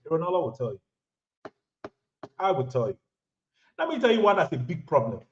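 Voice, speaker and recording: Emphatic Nigerian man lecturing, lively pitch. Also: fairly quick, a little hiss or hum. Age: 30s to 40s. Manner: emphatic, preachy, repeats lines for stress. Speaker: vlogger giving relationship advice. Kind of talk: lecturing monologue to camera. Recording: roomy, dull lo-fi audio.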